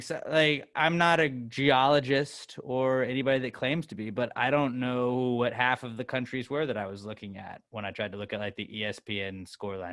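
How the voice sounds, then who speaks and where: A man from the United States co-hosting a sports podcast, rambling in an animated, self-mocking way and swearing. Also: mid-range voice, dry recording, clean studio sound. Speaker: podcast co-host. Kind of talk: casual chat.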